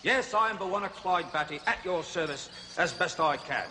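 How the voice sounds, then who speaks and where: A man's voice: high voice, animated, moderate pace, bright, forceful tone, a little hiss or hum, full character voice. A man playing a chattering, self-amused jungle explorer who hosts a zoo segment on a 1970s children's TV comedy and is easily flustered. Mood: jovial. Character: jolly bumbling male jungle explorer zoo host. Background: music.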